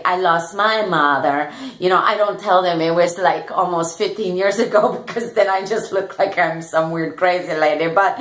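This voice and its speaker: A woman's voice: medium pitch, a bit bright, natural voice. Woman doing a middle-aged Italian gondolier, Italian accent, broken English, rambling and sentimental, roomy echo. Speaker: host. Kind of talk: comedic character monologue.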